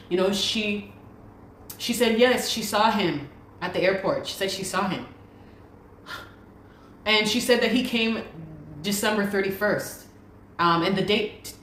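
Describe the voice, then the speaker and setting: A woman's voice: fairly low pitch, a little hiss or hum. A woman telling her story as a guest, speaking urgently and repeating her pleas. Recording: echoey room recording.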